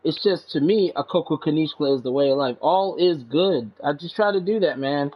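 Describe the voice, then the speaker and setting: A high-pitched man rambles in a casual, profane monologue, dropping "man" into his sentences. His voice jumps up sharply when he gets indignant. The recording sounds dull and lo-fi. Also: normal speed, husky. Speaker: channel host.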